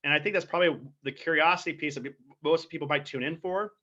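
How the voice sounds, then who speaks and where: A man's voice: a little high, fast talker, sharp tone. A man co-hosting a podcast in casual chat, rambling with lots of fillers and laughing often. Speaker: podcast co-host. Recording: dull lo-fi podcast audio.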